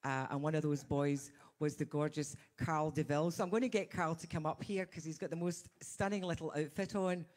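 A woman's voice: deep voice, steady tone, a little fast, hardly any pauses, darkish tone. A Scottish woman hosting a chatty live stream as a singing teacher, bubbly and laughing often, with a slight frog in her throat.

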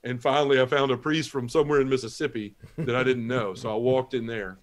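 A man's voice: mid-range voice, steady tone, quick pace. Man telling a vivid personal testimony. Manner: vivid storyteller acting out dialogue. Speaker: guest.

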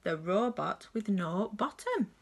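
A woman from a nursery reading a children's story aloud with slow, expressive delivery. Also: medium pitch, slightly rough.

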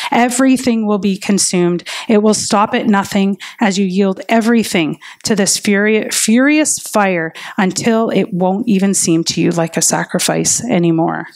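A woman preaching a sermon in an earnest, personal way, telling stories of her own faith. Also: medium pitch. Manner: earnest and personal, with lively retold inner dialogue.

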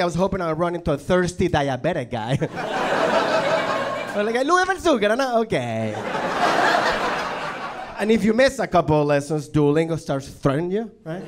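A young man from Venezuela, a native Spanish speaker with a Venezuelan Spanish accent, doing an animated stand-up comedy set, swearing and acting out voices. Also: a little high, heavy background noise. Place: comedy club stage. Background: audience laughter.

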